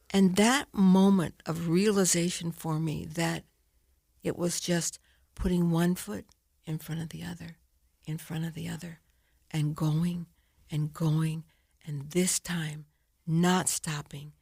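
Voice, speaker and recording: A woman's voice: deep voice, flat delivery, slow, creaky, a little mellow, husky, no room sound, clean studio sound. An older woman, a guest author, telling a personal story in an interview and acting out her own past thoughts.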